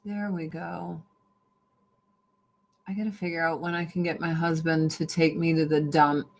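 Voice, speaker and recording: A woman's voice: low-pitched, level tone, normal speed, creaky. A woman from the United States ranting casually to her livestream viewers in a blunt, profane way, jumping from one topic to the next. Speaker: livestream host.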